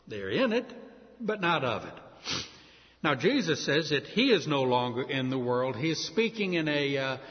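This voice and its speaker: A man's voice: medium pitch, very animated, moderate pace. A man preaching a sermon, teaching through a Bible passage verse by verse with conversational asides. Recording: echoey hall, dull lo-fi sound.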